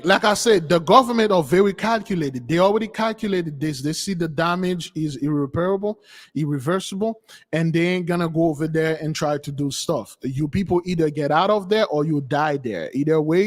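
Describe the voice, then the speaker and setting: A man's voice: on the high side, expressive, fairly quick. A man hosting a channel, delivering an impassioned, preachy rant as livestream commentary. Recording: long hall reverb.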